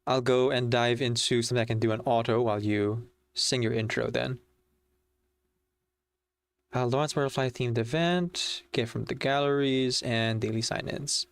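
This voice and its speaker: A man's voice: mid-range voice, steady tone, moderate pace, smooth. A man streaming a game, chatting casually to viewers in a rambling way full of fillers. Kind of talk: casual livestream chat.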